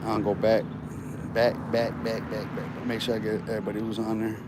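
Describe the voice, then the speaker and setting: A man's voice: lowish voice, monotone, fairly quick, heavy background noise. A man livestreaming outdoors in a park while walking, talking casual street slang and boasting with profanity.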